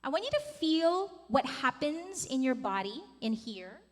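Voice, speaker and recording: Woman vocal coach, high bright-toned voice, animated and encouraging, reverberant conference hall. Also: a little slow. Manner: animated, demonstrates vocal sounds and coaxes the group. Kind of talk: workshop teaching with sung demonstrations.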